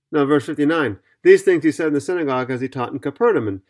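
A man's voice: a little high, expressive, quick pace, hardly any pauses, a little mellow. A man teaching on a podcast Bible study, reading scripture aloud and explaining it in an earnest, methodical way.

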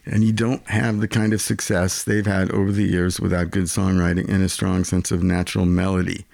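Gravelly low-voiced man talking music. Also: flat delivery, fairly quick, a little mellow, dry recording. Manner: enthusiastic, explanatory about guitar tones. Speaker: music podcast co-host. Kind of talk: casual music chat.

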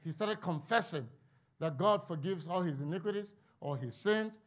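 Preaching to his congregation, a man with a high-pitched, expressive voice speaks at normal speed and with real fervor. He builds toward near-shouts on his key points and breaks things up with playful jokes along the way.

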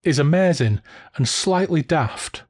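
A man hosting a casual book discussion podcast, animated and jokey, swearing freely. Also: on the high side, a little slow. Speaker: podcast host.

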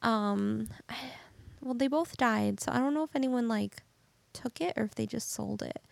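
A woman's voice: on the high side, moderate pace, creaky, a little mellow, dry recording. A young woman co-hosting a podcast, telling a story in a hesitant, rambling way. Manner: rambling, hesitant, many "like" fillers. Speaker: podcast co-host. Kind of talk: casual chat.

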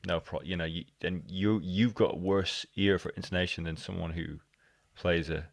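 A man's voice: low voice, fairly even intonation, normal speed, creaky, no echo, clean studio sound. A man hosting a podcast, talking casually in rambling, self-correcting sentences, often quoting himself. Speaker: podcast host. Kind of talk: casual conversation.

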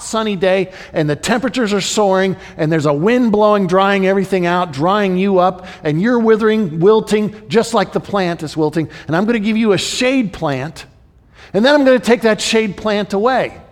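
A man's voice: high voice, fairly quick, pitched above the performer's own voice, close to an everyday voice. A man voicing God, explaining in an earnest, rising, insistent way. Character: patient, pleading divine voice, male. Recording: long hall reverb.

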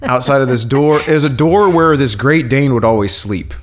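A man's voice: mid-range voice, animated, normal speed. A young man in casual podcast chat, rambling, swearing a lot and laughing often.

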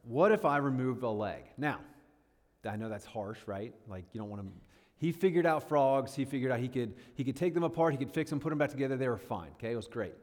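A man's voice: mid-range voice, expressive, fast, darkish tone. A man in his thirties giving a casual sermon-style talk as a guest speaker, chatty and self-deprecating, often checking in with listeners. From northern New York State. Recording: long hall reverb.

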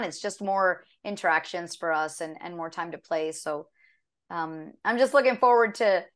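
Chatty woman telling animated stories. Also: fairly low pitch. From half American. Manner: chatty, animated storytelling with acted quotes. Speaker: voice actress guest. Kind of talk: casual interview chat.

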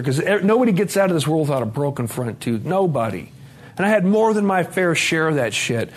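A man, sharing a raw, profane, confessional recovery story at a conference. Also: on the high side. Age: 40s. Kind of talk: emotional personal testimony. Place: conference room.

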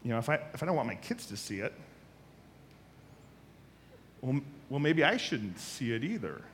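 Animated male pastor preaching. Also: medium pitch, moderate pace, a little hiss or hum. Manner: animated storytelling, acts out voices. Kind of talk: sermon.

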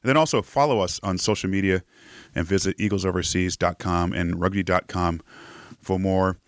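A man's voice: low-pitched, fairly even intonation, normal speed, no echo. A man hosting a live podcast, chatting casually with lots of fillers and laughs. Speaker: podcast host. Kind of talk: casual livestream chat.

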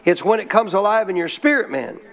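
A man's voice: high voice, very animated, a little fast. A man preaching a sermon as pastor, asking questions and leaving blanks for the congregation to fill, repeating key lines with emphasis. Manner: call-and-response, leaves blanks for the crowd to fill. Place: church service.

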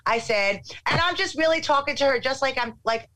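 A middle-aged woman telling a casual anecdote in an animated way, acting out what people said. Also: sits high, a little fast, few pauses, poor audio. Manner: animated, acts out quotes.

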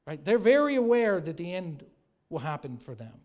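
Man, preacher, sermon, lively storytelling, quiet reverent asides, slightly raised pitch. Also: normal speed. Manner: animated storytelling, drops to soft tones at reverent moments. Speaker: pastor.

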